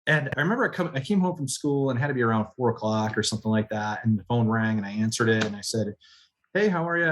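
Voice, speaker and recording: A man, a guest on a podcast interview, telling stories with lively quoted voices and frequent laughter. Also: mid-range voice, slight background noise. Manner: animated storyteller, acts out quoted voices, laughs often. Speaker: guest, general manager.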